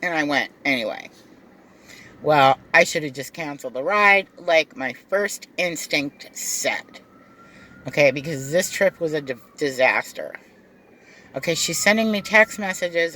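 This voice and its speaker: A rideshare driver telling a story casually to camera, animated and acting out both sides of the dialogue. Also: mid-range voice, unhurried.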